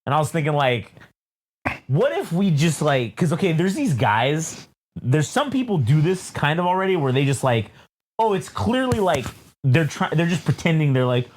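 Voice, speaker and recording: Lively, rambling man telling a comic story. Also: a little high, moderate pace. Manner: rambling storyteller acting out characters, profane, laughing. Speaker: podcast co-host. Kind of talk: casual comedic chat.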